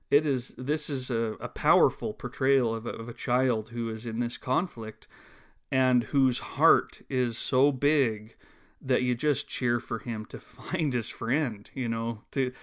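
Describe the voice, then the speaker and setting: A man co-hosting a casual film discussion, earnest and halting, restarting his sentences often. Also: mid-range voice. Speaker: podcast co-host.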